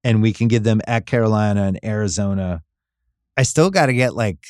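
A man's voice: lowish voice, darkish tone, clear, resonant tone, no echo, clean studio sound. Man in casual sports betting chat. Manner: conversational, lists schedules quickly. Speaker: podcast co-host.

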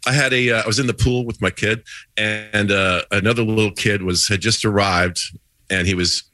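A middle-aged man, a comedian, telling dry deadpan jokes and anecdotes in casual banter over a video call. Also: fairly low pitch, normal speed, no room sound. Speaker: comedian guest. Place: apartment room.

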